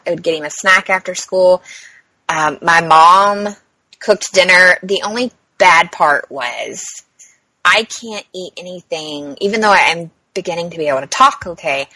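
A woman's voice: lowish voice, pushed and bright, no echo, low-quality recording. A woman telling a story in a casual chat, full of "like" and "um," laughing often as she goes. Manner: chatty, peppered with "like" and "um"; laughs often while talking.

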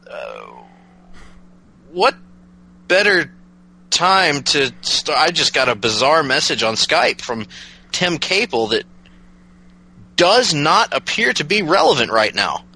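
A man's voice: a little high, sing-song, slow, long pauses, sharp tone, low-quality recording. A man co-hosting a casual podcast, joking around and laughing often. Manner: joking, playful, bursts of laughter. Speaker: podcast co-host. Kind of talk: casual comedic podcast chat.

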